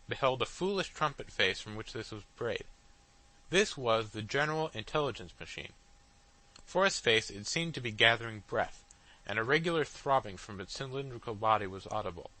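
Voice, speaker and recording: A man narrating a classic novel as an audiobook in a steady literary reading. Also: medium pitch, normal speed, rough recording. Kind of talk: scripted narration.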